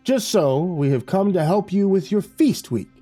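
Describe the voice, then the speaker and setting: A man voicing a towering, scarred male traveler king with a strange foreign accent, speaking with smooth, false politeness. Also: high-pitched, lively intonation, moderate pace, dark tone, soft background music, voice pushed up. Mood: insistent.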